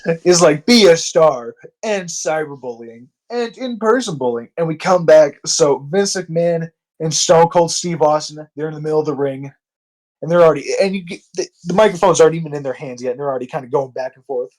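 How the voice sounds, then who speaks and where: A young adult man co-hosting a casual chat, telling an animated, sarcastic story. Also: on the high side, fast, low-quality recording. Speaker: co-host.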